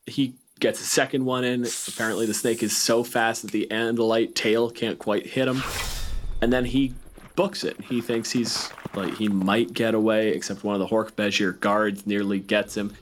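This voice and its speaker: A man's voice: on the low side, steady tone, normal speed, slight background noise. A man hosting a casual book-club podcast, recapping the plot in a blunt, profane way. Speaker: podcast host.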